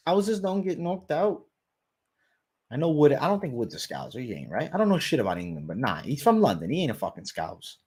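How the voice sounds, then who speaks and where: A man's voice: medium pitch, big pitch swings, a little fast, a little mellow, breathy edge. A man hosting a live stream, chatting casually in a brash, profane way, peppering his talk with "bro" as he answers viewer questions. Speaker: host of a live betting show.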